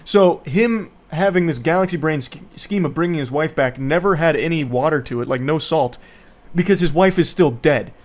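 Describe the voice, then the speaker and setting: A man's voice: fairly high pitch, normal speed. A man giving casual, rambling movie commentary, sarcastic, profane and mocking.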